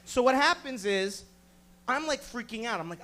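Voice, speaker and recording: A man in his thirties doing a profane stand-up comedy set, loudly acting out the people in his stories. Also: very high-pitched, lively intonation, normal speed. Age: 30s. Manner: profane, loud, acts out voices in his stories.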